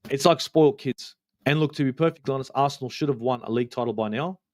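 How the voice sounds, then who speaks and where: A man's voice: mid-range voice, quick pace, darkish tone. A man, ranting passionately about football on a live fan stream, swearing often and repeating his points for emphasis.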